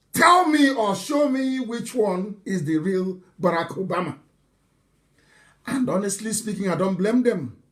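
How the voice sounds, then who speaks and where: A man giving a live political broadcast, mocking and animated, swinging between loud outbursts and low asides. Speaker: broadcaster addressing followers.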